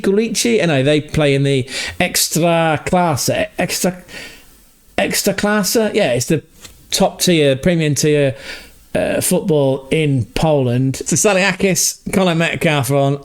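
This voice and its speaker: A man's voice: on the high side, smooth. Chatty man recapping a match. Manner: chatty, self-correcting, stumbles over foreign names with a laugh. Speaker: football podcast host.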